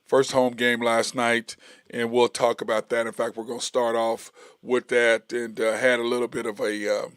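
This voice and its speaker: A man's voice: medium pitch, normal speed, clean tone, dry recording, clean studio sound. A middle-aged man hosting a casual solo sports talk show, rambling with fillers and restarts. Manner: animated storytelling, gets heated and loud when retelling a confrontation. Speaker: sports podcast host.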